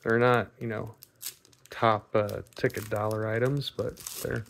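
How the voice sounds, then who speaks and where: Man, low gravelly voice, casual card-opening chatter, faint hiss behind. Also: level tone, a little slow, a bit bright. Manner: laid-back, chatty, self-deprecating asides. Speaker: card-opening video host. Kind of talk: casual pack-opening commentary.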